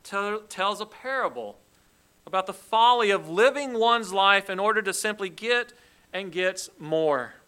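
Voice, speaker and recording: Male preacher in a sermon: deliberate and emphatic, with a sharp, bright tone. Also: sits high, animated, clean tone, rough recording. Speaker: pastor.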